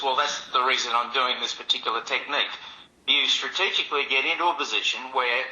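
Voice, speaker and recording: An older man who teaches martial arts, explaining things in a measured, teacherly way. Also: mid-range voice, fairly even intonation, pushed and bright, echoey room, low-quality recording. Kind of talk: casual chat.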